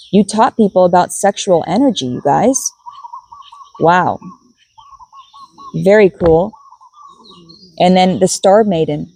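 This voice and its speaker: A woman with a husky, breathy voice doing a spiritual card reading for her viewers. She sits a little low in pitch and muses aloud, repeating key words as she works through the cards. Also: mellow, dry recording, poor audio. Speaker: tarot and oracle card reader.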